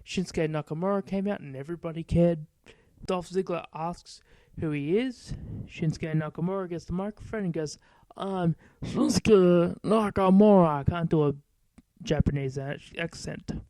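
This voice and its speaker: A man's voice: fairly high pitch, moderate pace, warm tone, no echo. A man hosting his own show, giving a casual, blunt wrestling review and swearing freely. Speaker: podcast host.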